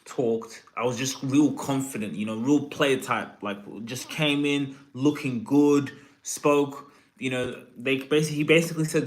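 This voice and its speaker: A man casually telling a confident anecdote about pitching to a finance company. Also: moderate pace. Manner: relaxed, confident, loose anecdotal delivery. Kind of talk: casual storytelling.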